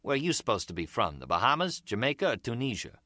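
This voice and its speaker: A man's voice: mid-range voice, big pitch swings, fast, pushed and bright, no echo, voice pushed up. Dry, terse middle-aged American man, slightly raised voice, dry close sound, as a narrator puts him on.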